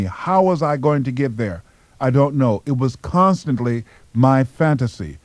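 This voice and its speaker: A man from Miami, Florida, giving a motivational speech through personal stories, with slow, emphatic phrasing. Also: medium pitch, mellow, no room sound. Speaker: motivational speaker.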